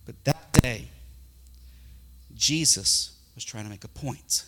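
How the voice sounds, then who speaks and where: A man's voice: mid-range voice, slow, heavy background noise. A man preaching a sermon and telling a story emotively, with a wide dynamic range. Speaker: pastor. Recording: long hall reverb.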